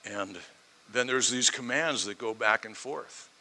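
Bright-voiced man preaching a story sermon. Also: medium pitch, unhurried. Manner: emphatic, repetitive build-ups.

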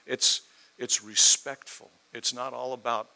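A man's voice: medium pitch, a little slow, bright, forceful tone, low-quality recording. A man preaching a sermon verse by verse, asking the listeners rhetorical questions and growing more fervent as he goes. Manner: expository preaching, rhetorical questions, rising in fervor.

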